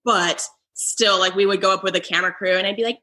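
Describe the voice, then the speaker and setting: A young adult woman, a comedian who also plays foosball, chats on a podcast as a guest, stuffing her sentences with "like." Her mid-range voice is level and sharp in tone, and she talks fast.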